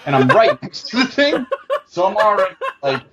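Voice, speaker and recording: A man's voice: sits high, very animated, normal speed. A man co-hosting a casual podcast, rambling through crude jokes and laughing often. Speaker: podcast co-host. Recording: dull lo-fi mic with faint hiss.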